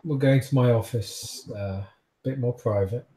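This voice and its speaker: A man's voice: medium pitch, normal speed, dark tone, roomy sound, lightly acted. A man voicing a weary, unimpressed male garage boss with a dry, offhand way of talking, in a roleplaying game. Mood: wry.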